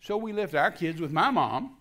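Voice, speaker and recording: Speaking at a normal speed with a fairly high pitch, an older man from Texas gives his testimony as a guest minister. The telling is folksy and full of restarts, and he performs the dialogue with animated quotes.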